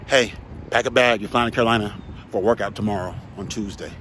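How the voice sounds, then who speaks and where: A man quoting his sports agent giving quick travel instructions. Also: fairly low pitch, a bit bright, slight background noise, voice pushed down, close to an everyday voice. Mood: brisk. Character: brisk male sports agent on the phone.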